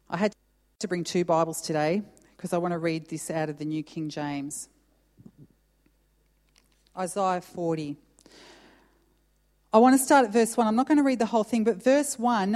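A woman preaching a sermon, reading scripture aloud with emphatic pauses and then talking it through for her church. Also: lowish voice, a little mellow. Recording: long hall reverb.

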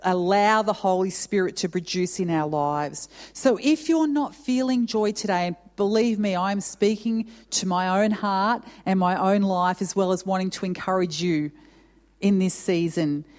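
A woman's voice: medium pitch, moderate pace, a little mellow. A woman pastor preaching a sermon, earnest and emotional, asking rhetorical questions of her congregation. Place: church. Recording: long hall reverb.

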